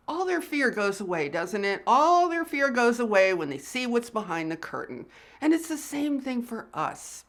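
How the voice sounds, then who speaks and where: Woman host, fairly high pitch, earnest emphatic talk to camera, repeats herself for punch. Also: a bit bright. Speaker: spiritual channel host. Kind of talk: casual direct-to-camera talk.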